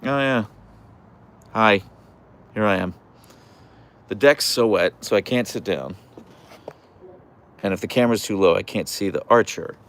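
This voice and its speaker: Gravelly-voiced man chatting on a livestream. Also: a little slow, long pauses. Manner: chatty, reads out viewer comments; coos to his dogs in a high voice. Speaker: livestream host. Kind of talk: casual livestream chat. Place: outdoors on a wet deck.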